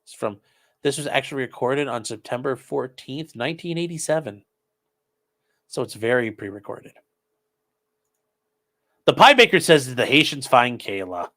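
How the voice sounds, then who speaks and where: A man's voice: mid-range voice, lively intonation, normal speed, pauses often, fairly bright tone. A man hosting a casual commentary stream, reading viewer messages aloud and answering them sarcastically. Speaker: host reading chat.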